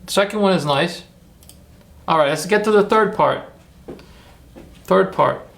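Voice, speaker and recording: A man hosts a casual livestream, chatty and rambling as he walks viewers through his steps and encourages them. His high-pitched voice is creaky and fairly bright, and he speaks a little slowly.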